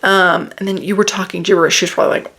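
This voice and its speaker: A woman's voice: lowish voice, steady tone, fast talker, a bit bright, husky. A woman reviewing a book in a casual, sarcastic and exasperated way, reading quotes aloud and picking them apart.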